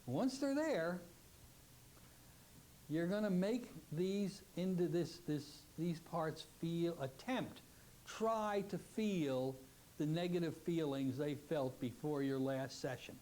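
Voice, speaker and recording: Man, hypnotherapy instructor, slow suggestive delivery, faint tape hiss. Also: on the high side, darkish tone. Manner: acts out client and part voices in quick exchanges. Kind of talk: teaching lecture with demonstrations.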